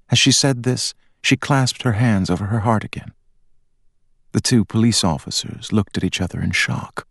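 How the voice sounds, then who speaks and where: A man reading an audiobook in a measured, even storytelling manner. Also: fairly low pitch, creaky, no room sound, clean studio sound. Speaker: audiobook narrator. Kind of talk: scripted narration.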